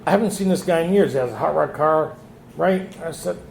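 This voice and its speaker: Man at a recovery retreat, high voice, echoey room with faint hiss; tells his story and acts out the dialogue. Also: brisk, creaky, darkish tone. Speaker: retreat speaker. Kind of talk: recovery meeting share. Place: meeting hall.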